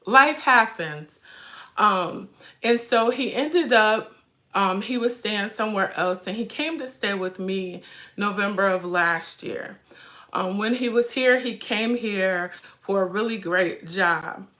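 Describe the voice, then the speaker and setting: A chatty woman in her forties with a bright voice. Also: medium pitch, slow pace. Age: 40s. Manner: chatty, addresses viewers as y'all; emotional, fighting back tears. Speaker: handbag vlog host. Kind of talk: casual livestream chat.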